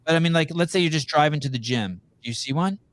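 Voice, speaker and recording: A man's voice: a little high, fast. A man hosting a podcast, talking over a video call in a blunt, profane, rambling way. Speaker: podcast host. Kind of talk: casual interview chat.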